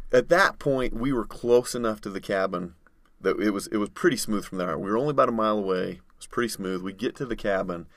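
Male guest storyteller, lower register, dry close mic, animated retelling. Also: dry recording. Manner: vivid storyteller, acts out others' shouting. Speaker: podcast guest. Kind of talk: storytelling in conversation.

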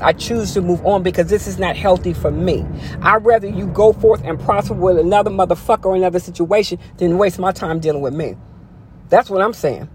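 A woman's voice: mid-range voice, slight background noise. A woman hosting a podcast, giving a casual motivational monologue in a blunt, profane, emphatic way and repeating her key phrases for punch. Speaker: podcast host.

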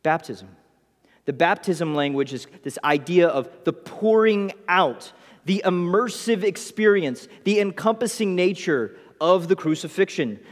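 A man preaching a sermon as pastor, telling the story in a lively way and acting out the people in it. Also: a little high. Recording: reverberant hall.

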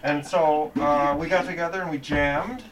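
A man's voice: fairly high pitch, fairly even intonation, normal speed, far from the mic, heavy background noise. A man who plays drums, telling a story casually, laughing and acting out what others said. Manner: laughing, acts out quotes. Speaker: drummer, podcast guest.

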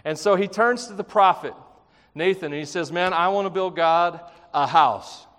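A man with a fairly high voice delivers a lively, conversational sermon, breaking into playful acted quotes and jokes. His voice rings out with a long reverb tail, as if filling a large hall. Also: moderate pace. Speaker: pastor.

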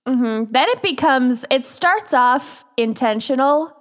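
A woman's voice: high voice, animated, a bit bright. A woman co-hosting a casual chat podcast, giggling often and drawing out her words. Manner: giggly, drawn-out chatty delivery. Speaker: podcast co-host.

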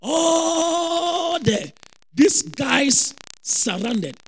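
A man preaching a lively sermon with a Ghanaian accent, repeating phrases and shouting for emphasis. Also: very high-pitched, extremely slow, rough recording.

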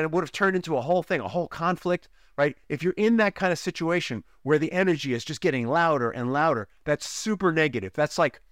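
A man's voice: on the high side, a bit bright, no room sound, clean studio sound. A man hosting a relationship podcast, giving an emphatic teaching monologue and repeating key lines for effect. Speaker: podcast host, relationship coach.

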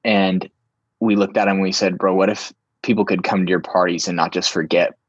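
A young man telling a story in a casual, animated way, full of "like" and restarts. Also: low voice, brisk, breathy edge, dry recording, dull audio. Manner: animated, filler-heavy, lots of "like".

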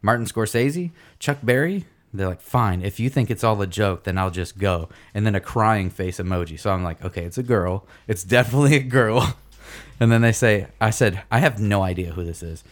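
A young man with a fairly low voice tells a story on a casual podcast. He swears freely and acts out each part of it with energy. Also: moderate pace. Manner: profane, animated storyteller. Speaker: podcast co-host.

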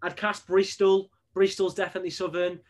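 Slightly high-voiced northern English man. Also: completely flat delivery, a little fast, slight background noise. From northern England. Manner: joking, opinionated banter. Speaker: podcast host and personal trainer. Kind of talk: casual podcast chat.

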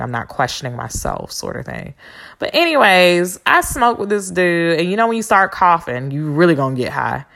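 A woman's voice: rumbling low, gravelly, a bit bright. A woman hosting a podcast, telling a personal story in a candid, blunt and profane casual monologue with slangy asides. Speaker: podcast host.

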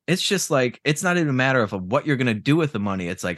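A man's voice: mid-range voice, big pitch swings, rapid-fire, hardly any pauses, no room sound, studio quality. A man in casual podcast chat, ranting with profanity and sarcasm.

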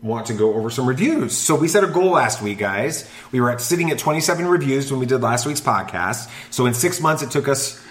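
A man's voice: mid-range voice, animated, fairly quick, hardly any pauses. A man hosting a casual family podcast, joking around and reading listener reviews aloud. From Southern California. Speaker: podcast host. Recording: roomy echo.

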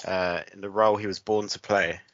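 A man's voice: deep voice, steady tone, a little fast, a bit bright, no room sound, highs cut off. A man chatting casually as a podcast co-host, making dry jokes and wry asides. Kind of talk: casual chat.

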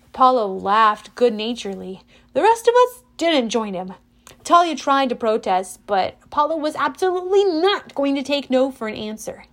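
A woman narrating an audiobook in first person, wry and expressive. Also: high voice, normal speed.

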